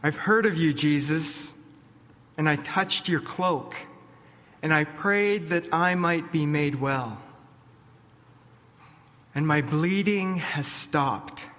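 An earnest, grateful woman beggar, as a male preacher puts her on. She is pitched a little high and unhurried, with a long echo behind her. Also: fairly bright tone.

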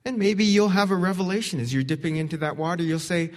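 A man preaching a sermon as pastor, earnest, swinging between emphatic questions and soft, quiet lines. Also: sits high, fairly even intonation, quick pace. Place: church sanctuary. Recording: long hall reverb.

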